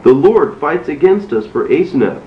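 A man's voice: a little high, animated, moderate pace, pitched above the performer's own voice, close to an everyday voice. A man voicing a band of frightened brothers who plead for mercy, reading a storybook in a fearful, begging way. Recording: roomy, dull, faintly noisy.

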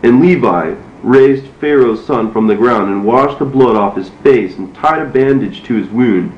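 A man narrating an ancient story in a steady, measured reading voice. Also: mid-range voice, distant mic. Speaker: reader. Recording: roomy, dull, faintly noisy.

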